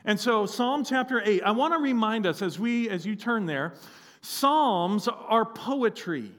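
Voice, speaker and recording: A man preaching a sermon as pastor, telling a story with lively acted-out quotes. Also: high voice, a little slow.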